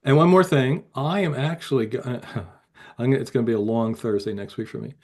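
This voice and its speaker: A man's voice: medium pitch, fairly quick. A man on a video call, a regular at an online game, chatting easily and reading a promo in an announcer tone. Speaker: game regular and podcast co-host. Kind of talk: casual chat with a read-out promo.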